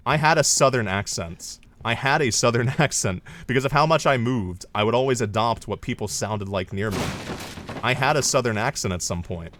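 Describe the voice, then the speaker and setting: A man's voice: mid-range voice, normal speed, fairly bright tone, a little hiss or hum. A man with a General American accent giving rambling, profane commentary while streaming a game. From United States. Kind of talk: casual gameplay commentary.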